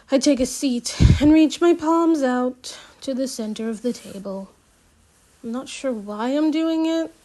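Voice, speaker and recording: A woman's voice: high-pitched, a little slow, a little mellow. A woman reading a novel aloud in an unpolished way, with restarts and side remarks. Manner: reads with restarts and asides. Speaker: audiobook reader. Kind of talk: unpolished audiobook narration.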